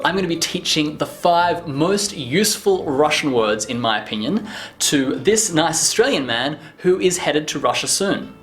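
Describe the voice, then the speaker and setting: A man explains everyday foreign words in a relaxed, casual lesson. His pitch swings widely, climbing high whenever he acts out what someone would say. A faint bed of music plays behind him. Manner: lively, exaggerated high pitch on example phrases. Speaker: language teacher.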